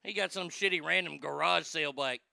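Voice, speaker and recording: A man's voice: fairly high pitch, a little fast, gravelly, pushed and bright, no echo, studio quality. A man giving a casual commentary vlog in a sarcastic, profane, mocking manner.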